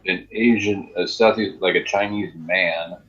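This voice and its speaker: A man's voice: low-pitched, steady tone, a little slow, a bit bright. A young man in casual chat with friends indoors, crude and joking in a brash way. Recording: dull lo-fi sound.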